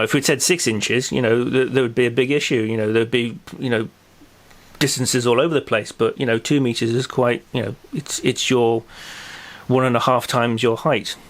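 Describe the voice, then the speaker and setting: A man hosting a local podcast in casual chat, rambling with many fillers and restarts. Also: medium pitch. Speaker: podcast host.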